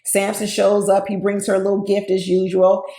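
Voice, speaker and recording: A woman's voice: medium pitch, monotone, moderate pace, creaky, warm tone. A woman giving casual, opinionated commentary on a reality show, talking straight to her viewers with sass. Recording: roomy echo.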